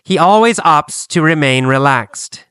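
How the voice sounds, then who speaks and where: Deliberate English teacher, clear voice. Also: male voice, fairly high pitch, animated, bright, forceful tone, dry recording. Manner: slow, deliberate, repetitive drilling. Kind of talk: English listening lesson.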